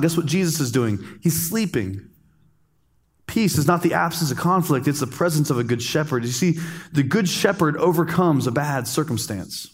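A man in his thirties preaching a sermon, telling a camping story with humor and slow pauses for emphasis. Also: fairly high pitch, in a large hall. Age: 30s. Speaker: pastor.

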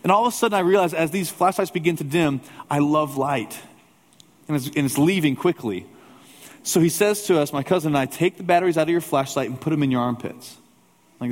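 A male pastor preaching a sermon in a church, telling a personal story in a conversational way with humorous asides. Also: fairly high pitch. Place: church sanctuary with a congregation. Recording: long hall reverb.

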